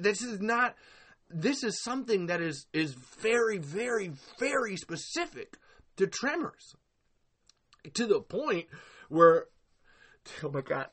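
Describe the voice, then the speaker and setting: A man's voice: on the high side, pushed and bright. A man hosting a live podcast in casual chat, rambling and profane, laughing often. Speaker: podcast host.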